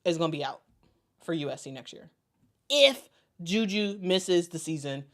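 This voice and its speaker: A woman with a lowish, animated voice talks at a moderate pace while casually covering basketball. She reads viewer comments and restates her points emphatically.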